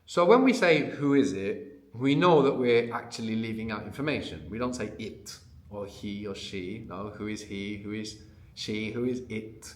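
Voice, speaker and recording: A man's voice: on the low side, normal speed, reverberant. A man leading a spoken language lesson, patiently explaining and prompting his student to answer. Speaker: language teacher.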